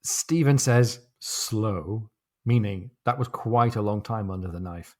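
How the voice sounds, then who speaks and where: A man co-hosting a podcast, chatting casually about a novel and reading passages aloud slowly and deliberately. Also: lowish voice, a little mellow. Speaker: podcast co-host. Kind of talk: casual book discussion with read-aloud passages.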